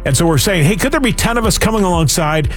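A man's voice: high-pitched, animated, fast talker, soft background music. A man hosting a fundraising radio show, talking earnestly with frequent restarts. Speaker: radio host.

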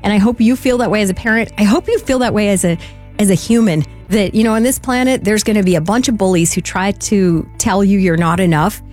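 Mom on a radio fundraiser, earnest and heartfelt, soft music playing behind. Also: female voice, medium pitch, a little fast. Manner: earnest and heartfelt, laughs easily. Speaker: radio fundraiser co-host and parent. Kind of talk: on-air fundraising appeal, personal story.

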